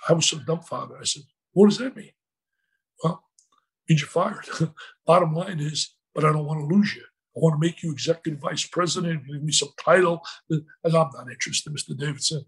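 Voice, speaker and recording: An older man, a former coach, telling emotional stories with lots of quoted dialogue in an excitable way. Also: on the high side, a little fast, husky. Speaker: guest, former basketball coach. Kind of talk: animated storytelling.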